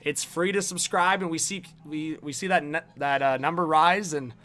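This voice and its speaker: An energetic man hosting a live stream, reading chat names off one after another. His voice sits a bit high and comes across bright and forceful, with frequent laughs between shout-outs. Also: moderate pace. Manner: upbeat, rattles off viewer names, laughs often.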